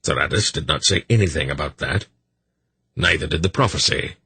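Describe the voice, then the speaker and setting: A man voicing an old male sorcerer in an audiobook, dry and measured, with a gravelly, husky voice. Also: extremely low pitch, pushed and bright, no room sound, exaggerated voice. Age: older.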